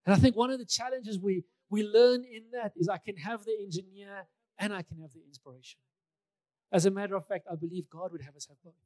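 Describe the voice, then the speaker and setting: A man's voice: sits high, fairly quick, warm tone, dry recording. A male pastor preaching a sermon in a conversational way, repeating key phrases for emphasis, with touches of light humor.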